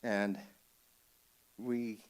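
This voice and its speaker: A man telling a family story at a funeral service, speaking haltingly with frequent restarts and soft chuckles. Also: on the low side, level tone. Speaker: family member giving a eulogy.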